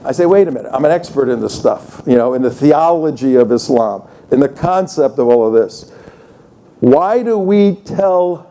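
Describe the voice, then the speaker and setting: A slightly high, mellow-voiced older man talks conversationally at a conference, speaking in a conference room. He shares stories and impersonates the people in them using voiced quotes.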